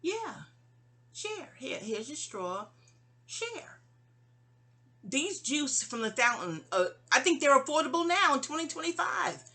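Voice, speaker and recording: A woman doing a sharp-tongued aunt with attitude. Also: high-pitched, big pitch swings, unhurried, voice pushed up, full character voice. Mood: insistent.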